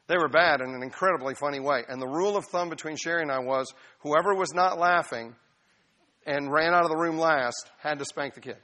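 A middle-aged man preaching from the pulpit with a notably high voice. His tone is bright and forward as he explains a passage. He keeps it conversational and emphatic, weaving in personal stories like he's talking with his own church family. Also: a little fast. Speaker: pastor. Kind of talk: expository sermon.

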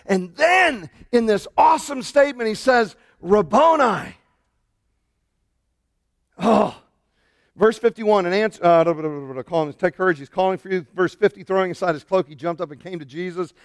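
A middle-aged man, a pastor, preaching a lively sermon and shouting out the lines he quotes. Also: high-pitched, normal speed, long pauses, dry recording, clean studio sound.

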